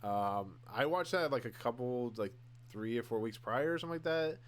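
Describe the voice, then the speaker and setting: A man's voice: medium pitch, animated, moderate pace. A young man hosting a podcast, rambling casually through his opinions with many fillers and restarts, gushing over favorites and candid about dislikes. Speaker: podcast host. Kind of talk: casual solo commentary.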